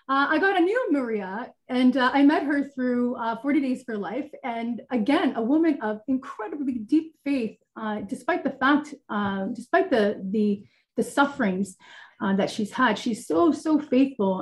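A woman with a fairly high voice tells her personal faith story on a webinar. She speaks earnestly and candidly, with many fillers, over a video call. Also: animated, moderate pace. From Italian heritage. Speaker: guest sharing her testimony.

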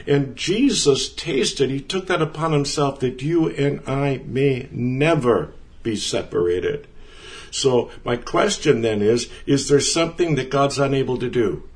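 Speaking at a measured pace, a man delivers an earnest Bible teaching in a conversational tone. His ordinary middle-pitched voice presses on key words, repeating them for emphasis.

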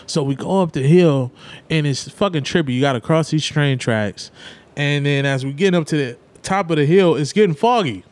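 A man telling a story in casual talk, animated and profane, jumping into high voices for his friends. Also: moderate pace.

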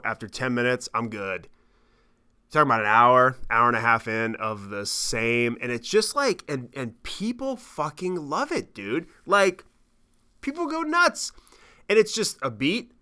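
A man in his thirties telling a travel story on his podcast, animated and rambling, with lots of swearing and fillers. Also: medium pitch, clear, resonant tone. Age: 30s. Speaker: podcast host. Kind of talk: casual storytelling monologue.

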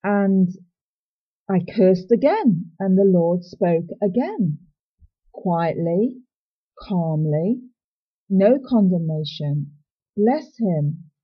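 Slow, husky woman giving testimony. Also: fairly low pitch, expressive, dull audio. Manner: earnest, reflective, candid. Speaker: Christian sharing a testimony. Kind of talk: personal faith testimony.

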